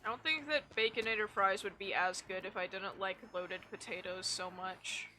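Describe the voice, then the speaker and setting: Casting note: young woman streamer, blunt and profane, bright voice, faint game music behind. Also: mid-range voice, fairly even intonation, moderate pace. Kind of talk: casual chat while gaming.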